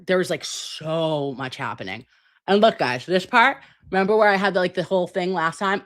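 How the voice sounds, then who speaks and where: A woman hosting a casual livestream chat, brassy, profane and dramatic while recovering from a sinus and ear infection. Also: fairly low pitch. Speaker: livestream host.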